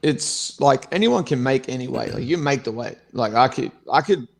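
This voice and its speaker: A man's voice: mid-range voice, expressive, normal speed, vocal fry. A man, co-hosting a podcast as a fighter, talking bluntly and swearing in a rambling casual chat. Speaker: co-host, fighter.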